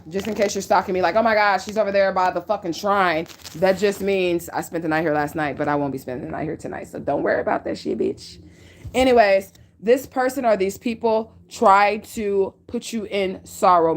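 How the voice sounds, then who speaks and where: A woman talks straight to her viewers during a tarot reading recorded at home. Her delivery is blunt and peppered with swearing. She hammers each point home with an emphatic "okay?" or "period". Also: fairly low pitch. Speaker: tarot reader. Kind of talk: casual tarot reading to camera. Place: at home near a window.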